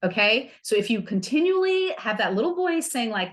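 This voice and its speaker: A woman's voice: on the high side, very animated, moderate pace. A woman hosting a self-help podcast, talking candidly and with humor, using playful slang. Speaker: podcast host.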